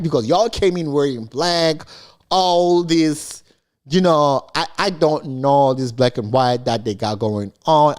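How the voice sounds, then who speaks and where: A man recapping a TV episode in casual, animated commentary, acting out the characters as he retells scenes. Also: fairly high pitch. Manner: animated, mimics characters in quotes. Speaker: show recap host.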